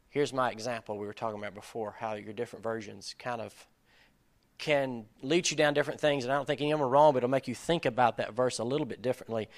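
This middle-aged preacher, possibly leading a Bible study, talks through his sermon in a relaxed, conversational way. His mid-range, slightly bright voice stays earnest and now and then climbs to forceful high points.

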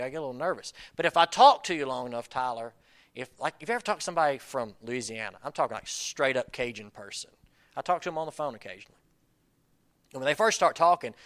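A bright, forceful-sounding man, preaching in a loose, conversational way. He drifts through asides, then pushes his voice up into sudden loud bursts. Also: mid-range voice. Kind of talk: sermon.

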